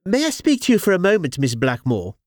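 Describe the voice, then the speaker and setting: A man voicing a shrill, agitated noblewoman, the bride's mother, in an audiobook. He speaks in a hushed, urgent way. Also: huge pitch swings, a little fast, no echo, clean studio sound.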